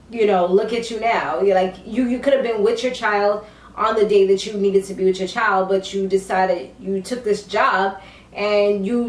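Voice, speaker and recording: A woman tells a reality show recap in a loose, chatty way and jumps into the voices of the people she quotes. Her voice sits a little high. She sounds set back from the mic in an echoey room. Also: far from the mic. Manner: animated storytelling, acts out quotes.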